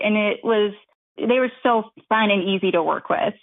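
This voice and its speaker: A woman's voice: mid-range voice, steady tone, a little fast, no room sound. Bubbly woman on a tinny phone line. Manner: bubbly, chatty, laughs often. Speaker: author guest. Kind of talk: casual interview chat.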